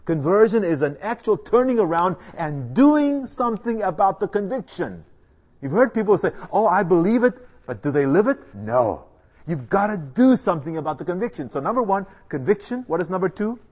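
A middle-aged man preaching with an animated, lively voice that sits a little high for a man. He drives his points home emphatically, quizzing his listeners and repeating key words. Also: moderate pace, slightly rough. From South Africa. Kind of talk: sermon.

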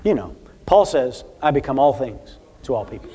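A man's voice: medium pitch, normal speed. A man preaching a sermon to a congregation, telling a personal story and asking the listeners questions. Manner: storytelling, animated, addresses congregation directly.

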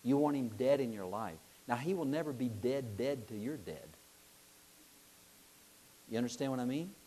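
A middle-aged man preaching a sermon, telling a lively story, acting out voices and asking his listeners questions. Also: medium pitch, moderate pace, slight background noise.

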